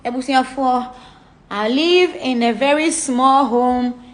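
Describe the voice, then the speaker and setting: A woman's voice: sits high, takes it slowly. A young woman with a Ghanaian accent gives a blunt, swearing home tour to camera, mixing Pidgin and Twi. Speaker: celebrity giving a home tour. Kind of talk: casual animated talk to camera.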